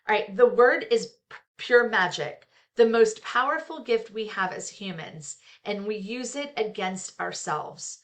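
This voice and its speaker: A middle-aged woman, a therapist, reads a book aloud at a measured pace in an expressive, medium-pitched voice with a bit of brightness. She frequently interrupts herself with open, chatty personal commentary laced with fillers.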